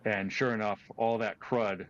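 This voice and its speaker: Man, host, low voice, relaxed chatty talk, dull lo-fi sound. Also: a little slow. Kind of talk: casual chat.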